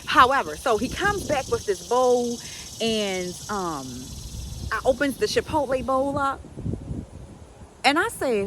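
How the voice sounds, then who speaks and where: A woman's voice: high voice, animated, normal speed, background noise. A middle-aged woman, a health coach telling a story in a folksy, emphatic, preachy way. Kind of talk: casual storytelling to camera.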